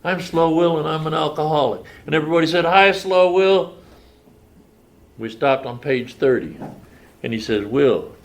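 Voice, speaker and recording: A man's voice: medium pitch, gravelly. An older man telling his recovery story at a meeting, plain-spoken and folksy. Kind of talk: personal testimony at a meeting. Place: meeting room.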